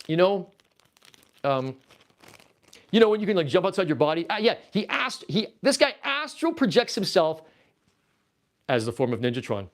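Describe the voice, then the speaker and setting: A Canadian man with a voice that sits high speaks at a moderate pace with long pauses while hosting a casual livestream. Packing up his toy collection, he reads viewer chat aloud and rambles playfully, getting excited easily.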